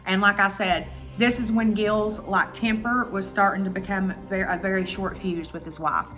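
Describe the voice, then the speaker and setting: A woman's voice: medium pitch, normal speed, soft background music. A woman vlogger casually retelling a true-crime documentary, acting out quotes and swearing freely. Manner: chatty, animated retelling with acted-out quotes and swearing.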